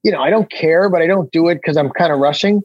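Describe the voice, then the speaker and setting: A Canadian man telling comic stories in a casual chat, acting out what people said with big jumps in pitch. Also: fast, dry recording, dull audio. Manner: animated storyteller, acts out quotes with big jumps in pitch. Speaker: comedian guest.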